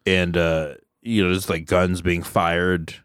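A man hosting a comedy podcast, chatting casually with lots of swearing, jokes and quick put-on silly voices. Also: low-pitched, little pitch movement, a bit bright, smooth, dry recording, clean studio sound. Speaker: podcast host. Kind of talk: casual chat.

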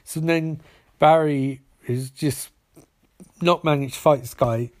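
A man's voice: on the high side, steady tone, slow pace, a little mellow, no room sound, studio quality. A man casually recapping a story in a rambling, stammering way, with some swearing.

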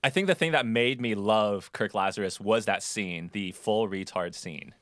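A man's voice: lowish voice, normal speed, a bit bright, no echo, clean studio sound. A man in casual conversation about movies, laughing often and sharing film trivia.

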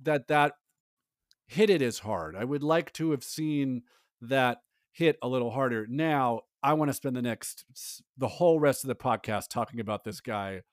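A man co-hosting a podcast in casual chat, animated and rambling, acting out lines from a movie. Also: mid-range voice, normal speed, no echo, studio quality. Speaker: podcast co-host.

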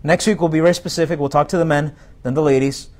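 A man's voice: fairly high pitch, steady tone, fast, darkish tone. A male pastor preaching a sermon in a direct, conversational way, full of rhetorical questions to the congregation.

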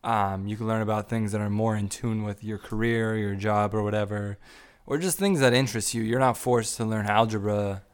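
A man's voice: on the low side, normal speed, clean tone. Laid-back man chatting casually. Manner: playful, musing out loud. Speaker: podcast co-host. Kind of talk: casual chat.

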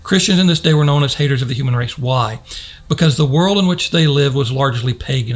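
A male pastor preaching a sermon earnestly, slowing for dramatic pauses and rising for emphasis. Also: a little high.

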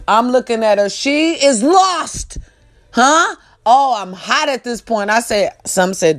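A woman telling a story to her viewers in a loud, profane, preachy way, calling them y'all. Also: on the high side, expressive, moderate pace. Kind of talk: animated casual storytelling to camera.

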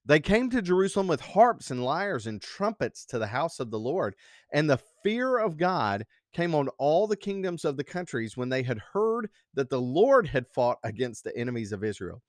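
A man's voice: fairly high pitch, sing-song, normal speed, dry recording, studio quality. A man preaching a sermon, telling a story and acting out the quoted speech with animation.

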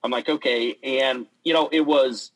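A man being interviewed, telling stories in a casual, animated way with lots of fillers and restarts. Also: mid-range voice, normal speed, poor audio. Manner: animated storytelling, acts out quotes, many fillers and restarts. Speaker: interview guest, pennant maker and player.

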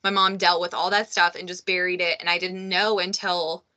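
A woman's voice: on the low side, level tone, normal speed, pushed and bright. A woman hosting a podcast in a supportive, conversational interview, earnest and full of casual fillers. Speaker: podcast host.

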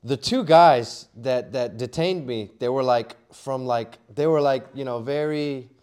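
A man's voice: medium pitch, measured pace, a little mellow, clean tone. A middle-aged man, a poker player guest, telling a story casually with lots of fillers, restarts and laughter.

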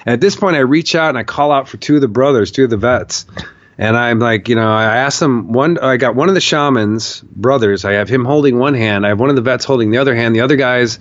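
Animated man telling a wild story. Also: medium pitch, fast talker, no room sound, dull audio. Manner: animated storyteller, swears, acts out shouted quotes. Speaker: podcast guest, documentarian. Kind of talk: storytelling in a long interview.

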